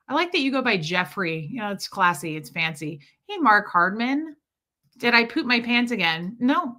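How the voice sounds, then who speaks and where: A woman hosts a laid-back livestream despite a headache, greeting viewers by name and poking fun at herself as she chats. Her medium-pitched voice is bright with a forceful tone.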